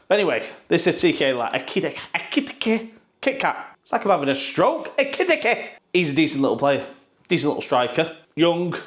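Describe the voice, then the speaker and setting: A man's voice: fairly high pitch, animated, quick pace. Sarcastic man ranting about football. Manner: sarcastic, swears freely, mocking asides. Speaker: football news vlogger. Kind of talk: casual ranting commentary.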